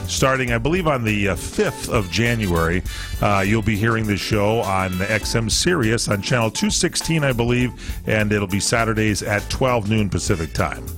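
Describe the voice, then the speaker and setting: A man's voice: lowish voice, lively intonation, normal speed, over music. A man co-hosting a sports talk radio show, rambling with lots of fillers as he reads through a list of stories.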